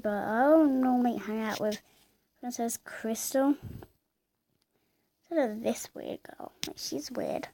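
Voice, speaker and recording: High, soft-toned woman for casual game commentary, chatty, unhurried, slips into whispers. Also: no echo. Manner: chatty, sing-song, drifts into whispered asides. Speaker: gamer narrating her play.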